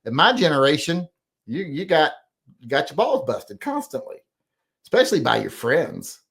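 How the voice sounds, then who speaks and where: A man's voice: fairly high pitch, sing-song, moderate pace, creaky, fairly bright tone, husky. A middle-aged man hosting a casual livestream chat, rambling and profane as he reads out comments and grumbles defensively about critics. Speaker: host.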